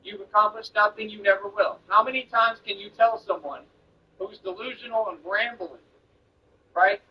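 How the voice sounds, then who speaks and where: A man's voice: high voice, moderate pace, husky, dull audio. A man streaming while he delivers a confrontational, boastful rant at an online critic.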